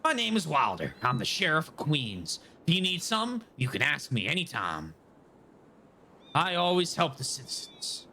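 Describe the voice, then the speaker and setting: A man voicing a helpful small-town sheriff with a put-on Southern drawl, steady and reassuring. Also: fairly high pitch, moderate pace, a little hiss or hum, heavily acted. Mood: friendly.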